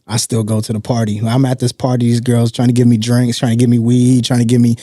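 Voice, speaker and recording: A man telling a personal story as a podcast guest in an animated, streetwise way, often checking in with his listener. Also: mid-range voice, fast talker, dry recording, clean studio sound. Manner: animated, streetwise, repeats "you know what I'm saying". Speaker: guest speaker. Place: podcast studio.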